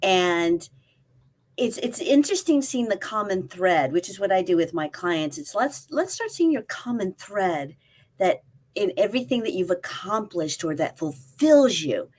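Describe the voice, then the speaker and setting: A woman's voice: medium pitch, sing-song, unhurried, a little mellow. A woman in her fifties, a life coach and guest, chatting casually and telling stories, acting out quoted dialogue. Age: 50s. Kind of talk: casual interview chat. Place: spare room at family home.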